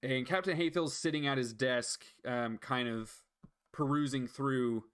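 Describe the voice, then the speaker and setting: Halting game master, man. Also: medium pitch, a bit bright, smooth. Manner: halting, many fillers. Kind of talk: narrating a tabletop game.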